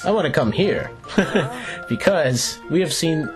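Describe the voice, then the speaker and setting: A young let's play host with a slightly high, expressive voice speaks slowly while game music plays. He gives jokey, playful commentary, rambling along, starting sentences over, and chatting with the characters on screen.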